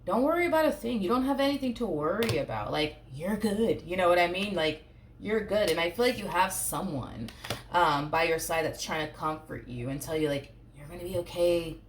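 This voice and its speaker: A woman's voice: on the low side, expressive, moderate pace, a little hiss or hum. A woman giving a casual tarot reading to her viewers, chatty and reassuring, repeating herself and filling gaps with "you know what I mean". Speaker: tarot reader.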